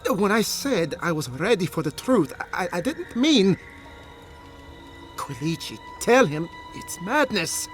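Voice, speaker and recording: A man's voice: high-pitched, sing-song, slow pace, soft background music, heavily acted. An actor voicing an earnest, emotional man who argues for his people in a video game.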